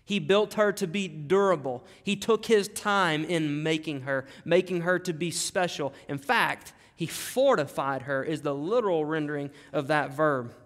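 A man's voice: fairly high pitch, unhurried, hardly any pauses, a bit bright. A male pastor preaching a sermon, emphatic and dramatic, repeating key phrases. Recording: long hall reverb.

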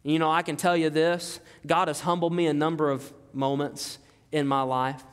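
A man with a high voice preaches a sermon, pressing his points home with repetition and rhetorical questions. His words ring out with a long reverb, as in a large church sanctuary. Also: level tone, moderate pace, clear, resonant tone. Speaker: pastor.

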